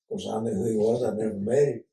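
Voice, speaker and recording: A man's voice: on the low side, fairly even intonation, warm tone. Older man spinning folksy stories. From Oklahoma. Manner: folksy, unhurried storyteller with frequent "uh" pauses. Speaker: interview guest. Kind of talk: casual storytelling interview. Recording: roomy sound from a distance.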